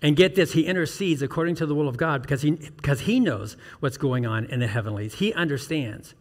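A man's voice: fairly high pitch, lively intonation, brisk, long reverb tail. A male pastor preaching an earnest sermon, asking the congregation questions and building to emphatic peaks. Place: church sanctuary.

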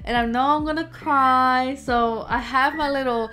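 A young woman hosting a reaction video, talking in an excitable, emotional, slangy way. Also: high-pitched, a little slow. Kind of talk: casual reaction commentary.

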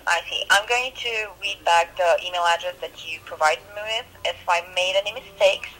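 A woman's voice: on the low side, moderate pace, bright, forceful tone, slight background noise. A woman working as a customer support agent, polite and patient, heard over a phone line.

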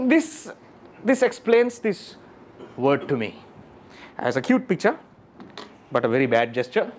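Animated man quizzing a live audience. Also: high voice, a little hiss or hum. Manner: animated, keeps questioning the audience; emphatic, repeats key phrases. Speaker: motivational speaker. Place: lecture room with audience.

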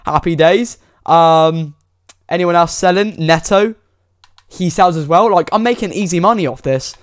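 A young man giving excitable, pleading commentary while opening game packs, full of exclamations and slang. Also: fairly high pitch, measured pace, dry recording, studio quality. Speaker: gaming YouTuber.

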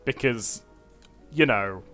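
A man's voice: mid-range voice, slow pace, a bit bright, soft background music. A man streaming a computer role-playing game, giving rambling, self-mocking casual commentary full of fillers.

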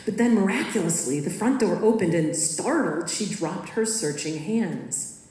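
A woman reading her own personal story aloud in a measured, expressive way, in a school auditorium. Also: medium pitch. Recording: echoey hall.

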